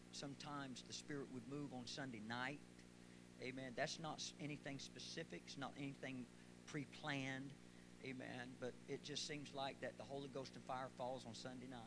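A man preaching a sermon as pastor of a church, talking quietly at first and building up to shouting praise. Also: medium pitch, background noise. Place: church sanctuary.

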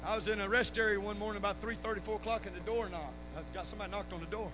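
A man preaching at a revival, telling stories and rising into shouted praise. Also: high-pitched, steady tone, racing. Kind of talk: sermon with stories. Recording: live church recording with noise and hum.

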